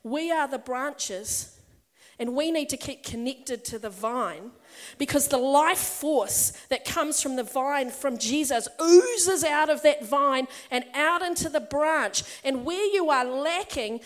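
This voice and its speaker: Middle-aged female preacher, high voice, warm-chatty storytelling that swells into emphatic appeals. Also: slow. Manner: conversational and personal, building to emphatic passages. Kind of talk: sermon. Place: church or meeting hall with a congregation.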